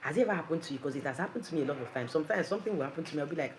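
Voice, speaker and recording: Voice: medium pitch, expressive, racing, few pauses, slight background noise, low-quality recording. Earnest preacher. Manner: earnest, conversational, rhetorical questions. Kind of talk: devotional talk.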